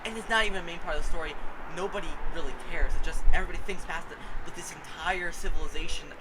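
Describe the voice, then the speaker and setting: A man's voice: a little high, very fast, heavy background noise. A young man co-hosting a casual podcast chat, rambling with lots of restarts. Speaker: podcast co-host.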